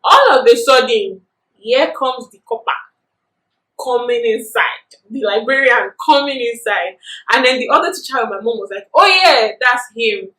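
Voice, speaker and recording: A young woman with a Nigerian accent telling a story in a chatty, animated vlog, filling her talk with "you know". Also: a little high, normal speed. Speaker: vlogger. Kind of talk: casual storytelling. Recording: echoey room.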